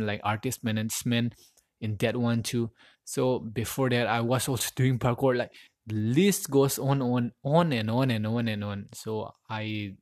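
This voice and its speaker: A man's voice: medium pitch, no echo, studio quality. A man hosting a solo podcast, recorded on a USB mic plugged into his phone, rambling and repeating words as he searches for them. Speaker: podcast host.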